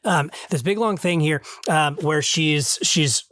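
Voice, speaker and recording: Male podcast host, slightly high voice, earnest and thinking aloud, dry close sound. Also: slow, a bit bright, no echo. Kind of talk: casual review chat.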